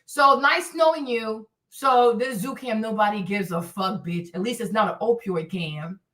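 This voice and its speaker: A high-pitched woman with a bright, sharp voice hosts a livestream and taunts the chat with profane, repetitive jabs. She sits some distance from the mic in an echoey room. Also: normal speed. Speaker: livestream host. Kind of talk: live-stream rant answering chat.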